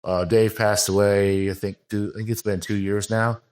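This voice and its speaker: Low-voiced man, frank rambling talk. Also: flat delivery, normal speed, a little mellow. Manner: rambling, frank, many fillers and restarts. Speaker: podcast guest, bodybuilding coach. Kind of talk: casual interview talk.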